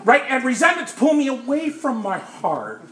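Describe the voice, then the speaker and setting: A man with a very high, bright voice gives an emphatic testimony to a group. He keeps asking "Right?" and turns louder at points. The sound is roomy and echoey. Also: big pitch swings, normal speed. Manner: emphatic, asks "Right?" often, bursts louder at times. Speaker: speaker sharing his recovery story.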